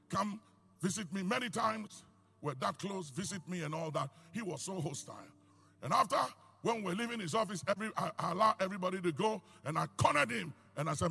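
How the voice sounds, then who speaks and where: An older man with a Ghanaian accent preaching a sermon, swinging between loud outbursts and quiet, low asides. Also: creaky, slightly rough. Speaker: pastor.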